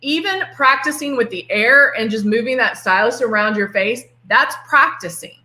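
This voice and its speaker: With a fairly high, expressive voice that's bright and forceful, this Texan woman talks at a normal speed. She's a middle-aged makeup artist doing a casual live-stream demonstration, chatting playfully and greeting viewers by name, all recorded in an echoey room.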